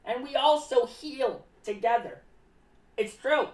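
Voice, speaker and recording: A woman takes it slowly in a high, slightly mellow voice while streaming live as an eccentric clown. The character rambles, refers to himself in the third person and is paranoid about cats, and the distant mic catches an echoey room.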